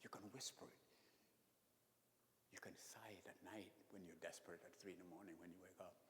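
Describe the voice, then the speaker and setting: A man preaching a sermon as a priest, expressive, sometimes dropping to a whisper when he speaks prayers. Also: deep voice, fast talker, a little hiss or hum. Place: church sanctuary. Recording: echoey church hall.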